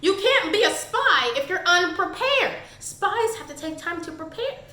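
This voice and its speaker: A woman's voice: very high-pitched, big pitch swings, measured pace, bright, forceful tone. A woman reviewing a book on her channel, exasperated and sarcastic in her critique. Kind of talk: casual book review vlog. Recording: echoey room.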